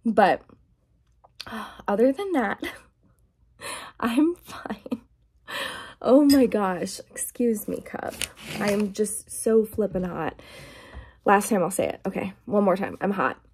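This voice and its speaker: A woman's voice: medium pitch, animated, a little slow, slight background noise. Woman vlogger, casual rant, exasperated, slips into whispers, recorded in a garage. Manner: chatty, exasperated, drifts between talking and whispering. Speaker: ASMR vlogger. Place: garage at home. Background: quiet, dim garage.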